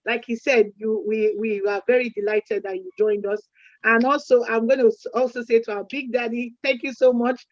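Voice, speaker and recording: Chatty woman co-hosting, slightly high voice. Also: flat delivery, normal speed, a little mellow, no room sound. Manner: chatty, shares proverbs, frequent restarts. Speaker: event co-host. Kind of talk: closing remarks at a community event. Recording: dull lo-fi sound.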